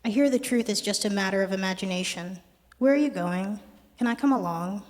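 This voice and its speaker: A young adult poet giving a poetry reading with a wry, conversational, deadpan delivery. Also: mid-range voice, fairly quick. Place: art gallery performance space. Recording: long reverb of a gallery hall.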